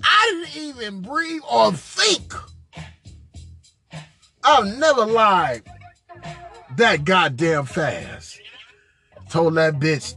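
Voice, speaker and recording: A man's voice: high-pitched, very animated, very slow, vocal fry, pauses often, sharp tone, faint music behind. A man hosting a podcast, telling a crude, profane comedic story in a boisterous manner and drawling some words out. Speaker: podcast host.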